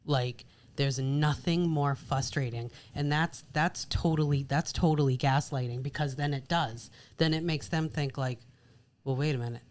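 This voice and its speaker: In a bass voice with fairly even intonation and a slightly mellow quality, a woman co-hosts a marriage podcast at a moderate pace. She chats casually, frequently repeating "like" and "literally."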